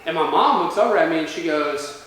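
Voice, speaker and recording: High-voiced man, echoey hall. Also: expressive, fairly quick, a bit bright, distant mic, slight background noise. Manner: storytelling, keeps checking in with "all right?". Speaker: motivational speaker. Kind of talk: motivational talk to students. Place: large university lecture room.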